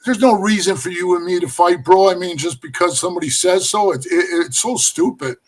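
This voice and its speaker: Middle-aged male guest, a high-pitched, animated storyteller who swears freely. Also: brisk. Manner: animated, profane, addresses the host as bro. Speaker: podcast guest. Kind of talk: storytelling in casual conversation.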